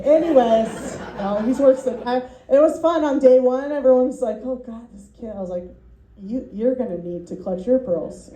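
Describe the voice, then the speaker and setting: A woman's voice: mid-range voice, warm tone, echoey room, slight background noise, poor audio. A woman doing a rambling, self-deprecating stand-up set at a student showcase, full of ums and little laughs, as the class's comedy teacher.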